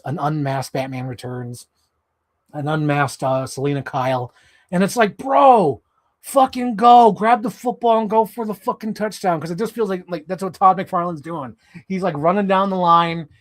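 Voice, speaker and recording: A man hosting a live stream, chatting casually about toys and podcasts in a profane, animated, rambling way. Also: a little high.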